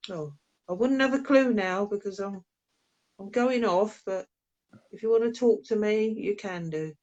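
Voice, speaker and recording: A woman's voice: mid-range voice, a little slow, mellow, muffled recording. A woman hosting a casual live video as a medium, chatting, laughing and reading out viewers' comments. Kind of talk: casual live-stream chat.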